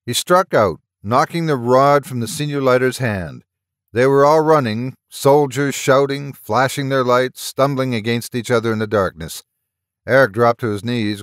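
A man narrating a horror story at a steady, measured pace, close to the mic. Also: medium pitch, dry recording. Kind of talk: audiobook reading of a story.

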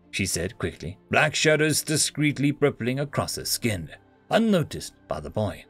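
A man narrating a science-fiction story in an expressive reading style. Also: medium pitch, normal speed, husky, faint music behind.

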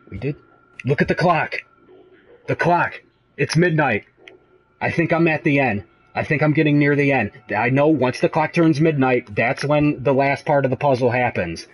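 A young man commenting live on a horror game, jumpy and profane, moving between hushed muttering and high-pitched yelps. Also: slightly rough, poor audio. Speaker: gaming host playing a horror game.

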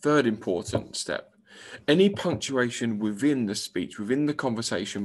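A male primary school teacher talks through a recorded English lesson in an unhurried, deliberate way. His voice sits fairly low, and he explains each point step by step, reading the example lines aloud as he goes.

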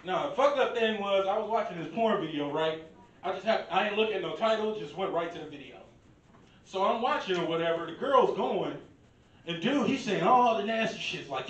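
A man in his thirties from Milwaukee works through a stand-up set with a loose, profane, conversational manner. His voice sits high for a man. The recording is echoey and distant, picked up from across a bar. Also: moderate pace. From Milwaukee, USA. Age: 30s. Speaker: stand-up comedian. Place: karaoke bar open mic. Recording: roomy bar echo, distant mic.

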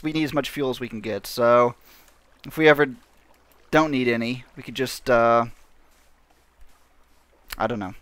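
A man's voice: mid-range voice, a bit bright, no echo. A man giving casual, rambling gameplay commentary, mocking himself and laughing often. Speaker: gaming channel host.

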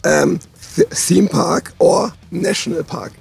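Gravelly, husky man interviewing. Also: fairly high pitch, takes it slowly, darkish tone. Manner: upbeat, short affirmations, non-native phrasing. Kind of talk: casual interview chat.

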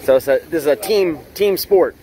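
A man's voice: on the high side, normal speed, dark tone, a little hiss or hum. Man narrating a fishing trip on a boat. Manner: chatty, self-teasing, running commentary while filming. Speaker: fishing channel host. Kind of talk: casual on-the-spot vlog narration. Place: out of doors on a small fishing boat at sea. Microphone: handheld camera he is filming with.

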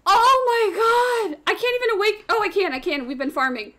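A young woman streaming a game, squealing with excitement and repeating phrases over and over. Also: very high-pitched, fast talker. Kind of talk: excited live-stream commentary. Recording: slightly off-sounding stream audio.

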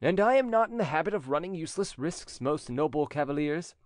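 A man voicing a calm, steady stranger. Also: fairly high pitch, no echo, clean studio sound, voice pushed up, natural voice. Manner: calm, measured, courteous.

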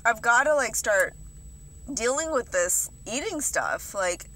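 Her voice sits on the high side with big pitch swings, unhurried, bright, and forceful. The young woman vlogger rambles confessionally about eating, swearing freely and packing in "like" after "like."

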